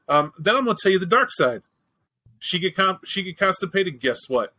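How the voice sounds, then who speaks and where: A man hosts a show in easy, casual chat. His voice is bright and forceful. He tells his story bluntly, swears freely and jokes as he goes. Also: high voice, very animated, normal speed, rough recording. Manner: candid, profane, joking storyteller. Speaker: podcast host.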